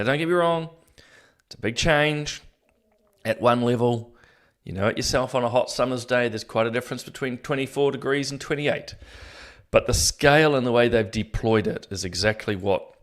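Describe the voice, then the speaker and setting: Rambling, lower-pitched New man. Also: fairly bright tone. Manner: rambling, self-deprecating, frequent fillers and restarts. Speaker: host of a commentary show. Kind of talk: casual solo commentary to viewers.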